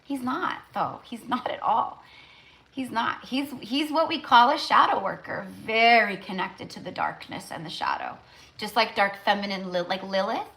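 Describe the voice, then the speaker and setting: A woman's voice: mid-range voice, very animated, moderate pace, creaky, fairly bright tone. A woman tarot reader talking casually on a live stream, rambling and emotional, with lots of fillers.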